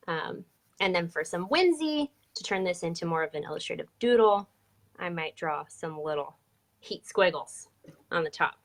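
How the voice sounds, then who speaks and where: A woman's voice: lowish voice, a bit bright. A woman teaching a live online drawing lesson, chatty and upbeat as she explains each step. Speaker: drawing instructor.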